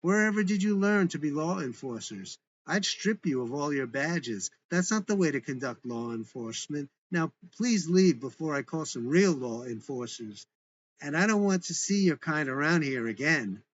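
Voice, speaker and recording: A man's voice: fairly high pitch, lively intonation, moderate pace, lo-fi sound, a little hiss or hum, lightly acted. A man voicing a poised woman landlord who puts on an authoritative American business voice, with an indignant manner.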